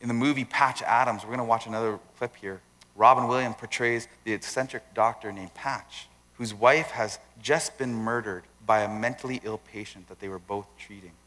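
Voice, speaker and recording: A male pastor preaching in a relaxed, conversational way. His voice has a bright, lively ring. A long church reverb trails behind each phrase. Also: medium pitch, moderate pace. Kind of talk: sermon.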